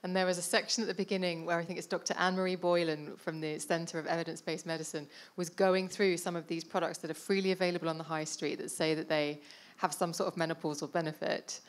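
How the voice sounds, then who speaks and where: A woman's voice: lowish voice, fast talker, hardly any pauses. Enthusiastic woman moderating a panel. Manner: enthusiastic, animated storyteller. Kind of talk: panel discussion.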